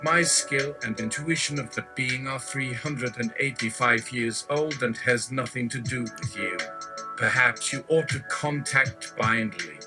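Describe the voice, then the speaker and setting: A man's voice: medium pitch, a little slow, natural voice. A man voicing an aloof, centuries-old male ghost with a dismissive, lofty manner, with music behind.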